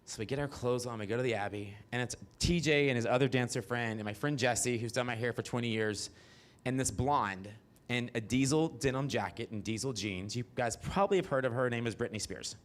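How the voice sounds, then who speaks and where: A man in his forties from the American South, telling brash, profane stories on a theater stage with sudden high squeals. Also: fairly quick. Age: 40s. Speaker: stand-up storyteller. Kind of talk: stand-up comedy storytelling.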